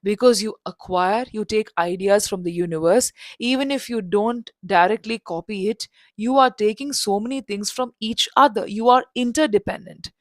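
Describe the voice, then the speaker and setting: An old professor, aloof and preachy, lectures in a calm, dismissive tone, as a woman storyteller puts him on. He speaks at a middling pitch. The sound is dry and close. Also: moderate pace, no echo, natural voice. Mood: lecturing.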